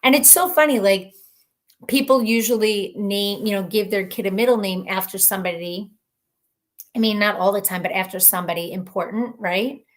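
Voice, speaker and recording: Woman, live-stream host, casual chat, rambling, laughs a lot, mid-pitched voice. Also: normal speed. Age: adult mother of children. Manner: chatty and rambling, laughs often, thinks out loud. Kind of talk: casual live-stream chat, reading viewer comments aloud.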